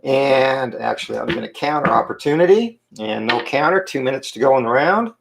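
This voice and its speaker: A man with a slightly hoarse morning voice, giving play-by-play commentary on a tabletop boxing game and calling out each roll in short clipped phrases. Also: medium pitch, lively intonation. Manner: calls each dice roll and punch count in quick clipped phrases.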